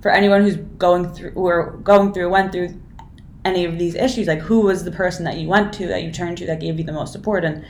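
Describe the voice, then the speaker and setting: A woman's voice: on the low side, steady tone, a little fast. A woman hosting a podcast interview, asking questions in an encouraging way. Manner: warm, encouraging listener. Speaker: podcast host. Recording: echoey room, faint noise.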